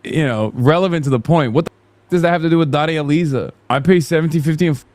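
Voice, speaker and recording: A man's voice: fairly high pitch, fast talker, a little mellow, no echo. A man hosting a live stream, reacting to clips with casual, sarcastic, mocking commentary and swearing.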